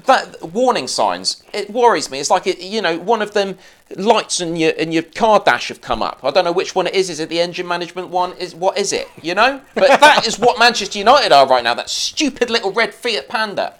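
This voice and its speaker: A man's voice: high-pitched, big pitch swings, fairly quick, a bit bright. A man co-hosting a casual football podcast, chatty and rambling. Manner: chatty, rambling with car analogies. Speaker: podcast co-host.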